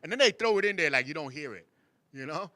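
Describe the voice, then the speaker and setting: A man's voice: on the high side, expressive, fast talker, sharp tone, no echo. A man hosting a show, chatting casually, laughing often and mimicking people in sing-song voices. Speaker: show host. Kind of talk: casual chat.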